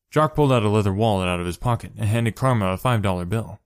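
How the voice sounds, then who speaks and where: A man reads a story aloud in a steady narrating voice, lower than most. The recording is dry and close, with no room around it. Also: quick pace, clean tone, dry recording. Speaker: story reader.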